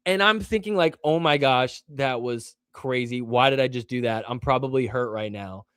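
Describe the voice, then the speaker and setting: A man's voice: moderate pace, a bit bright, clean tone, no room sound, studio quality. A young man hosting a show, talking casually and rambling with many fillers, poking fun at himself. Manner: acts out quoted fans in a higher voice. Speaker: show host. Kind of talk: casual solo chat.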